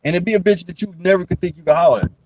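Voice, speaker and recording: A young man and podcast host telling stories in a casual chat, profane and animated, often breaking into laughter. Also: high voice, racing, no echo, rough recording.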